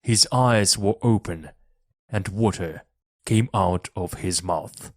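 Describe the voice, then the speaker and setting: A man reading a storybook aloud for language learners in a plain, measured way, one sentence at a time. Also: low voice, no room sound, studio quality. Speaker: reader. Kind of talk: slow storybook narration for learners.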